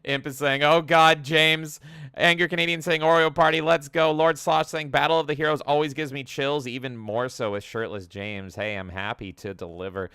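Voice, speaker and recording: Bright, crisp-voiced man reading chat. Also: medium pitch, steady tone, brisk, few pauses, dry recording, clean studio sound. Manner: chatty, jokey, reads chat comments aloud. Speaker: podcast co-host. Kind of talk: casual chat, reading out live chat.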